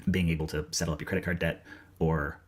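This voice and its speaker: A man from New England, a video essayist, gives a scripted personal update in a hesitant, soft-spoken way with many fillers. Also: rumbling low, flat delivery, quick pace, slight background noise.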